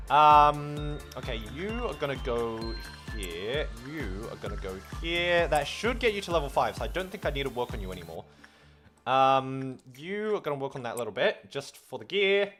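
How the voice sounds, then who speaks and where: A man's voice: medium pitch, big pitch swings, moderate pace, a bit bright, soft background music. A man chatting casually on a live stream while gaming. He stammers, restarts words often, swears freely and laughs at himself.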